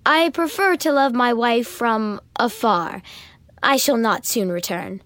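A woman's voice: fairly high pitch, sing-song, fairly bright tone, dry recording. A woman voicing a grave, melancholy father. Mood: sad, formal. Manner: slow, measured, formal speech. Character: grave aristocratic father, middle-aged man, melancholy.

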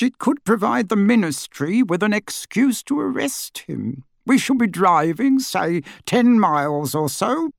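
A man voicing an excitable, overly polite small older wizard with a squeaky voice. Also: vocal fry, no room sound, studio quality, full character voice.

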